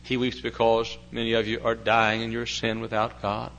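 Older male preacher, bright forceful tone, folksy asides, quiet stretches that build to loud, fervent preaching. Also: medium pitch, monotone, moderate pace, slight background noise, rough recording. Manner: swings from quiet talk to loud impassioned preaching; folksy, chatty asides with fillers. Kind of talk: sermon.

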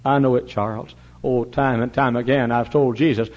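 A man preaching a sermon in a fervent revival style, swinging between loud pleading and hushed, earnest asides. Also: mid-range voice, steady tone, moderate pace. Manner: old-fashioned revival preaching cadence. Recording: muffled lo-fi recording.

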